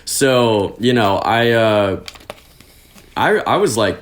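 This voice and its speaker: A young man from California, a podcast guest, telling stories in a chatty, animated way with plenty of fillers. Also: lowish voice, slow, slight background noise. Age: young adult. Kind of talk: casual interview storytelling.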